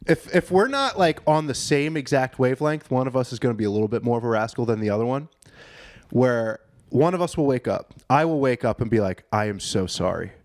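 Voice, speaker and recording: A man in his thirties talks in loose, self-deprecating rambles, co-hosting a casual comedy podcast. His voice sits at a middle pitch. The sound is dry and close, recorded in a living room studio. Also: expressive, brisk, a little mellow, no echo. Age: 30s. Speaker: podcast co-host.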